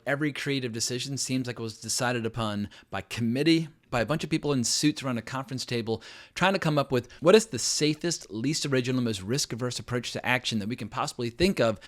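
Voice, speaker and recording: A man's voice: medium pitch, a bit bright. A middle-aged man hosting his own film review channel, giving a blunt, emphatic and sarcastic verdict on a new show. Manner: sarcastic asides. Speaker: film critic, channel host. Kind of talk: opinionated video review.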